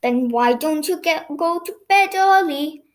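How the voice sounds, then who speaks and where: A woman voicing an eager, cheerful little toy boy in a children's storybook reading, exclaiming excitedly. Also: high voice, unhurried, voice pushed up.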